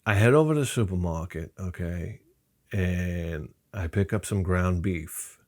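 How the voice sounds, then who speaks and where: A man's voice: low voice, measured pace, a little mellow. A middle-aged man telling rambling, profane comic stories and acting out quoted people in other voices. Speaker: channel host. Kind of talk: rambling comedic storytelling.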